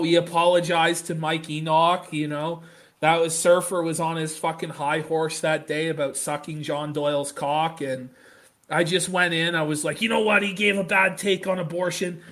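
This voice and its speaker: A man's voice: a little high, fairly bright tone. A man co-hosting a comedic podcast, giving blunt, profane commentary. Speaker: podcast co-host.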